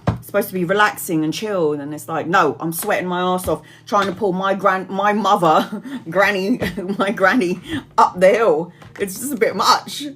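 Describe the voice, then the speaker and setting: A woman's voice: medium pitch, normal speed, background noise. A woman in her forties, a tarot reader chatting casually to viewers on a live stream, rambling, laughing often and reading out comments.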